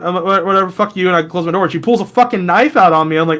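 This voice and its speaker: This young man has a high voice for a guy. He tells rough, profane stories in a casual podcast chat, and his voice leaps up whenever he acts out what someone said. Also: rapid-fire, few pauses. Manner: profane, animated storytelling that jumps high when quoting. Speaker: podcast co-host.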